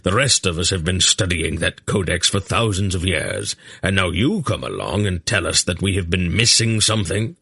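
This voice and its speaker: Cold, contemptuous old storybook grandfather, voiced by a male narrator, low and clipped. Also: unhurried, gravelly, bright, forceful tone, breathy edge, exaggerated voice. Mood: scornful. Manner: curt, contemptuous.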